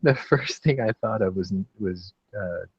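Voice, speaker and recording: Laid-back guy, deep husky voice, kinda dull lo-fi mic, laughs a lot. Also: expressive, unhurried, no room sound. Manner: laid-back, laughs often, swears casually. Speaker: podcast host. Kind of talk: casual chat.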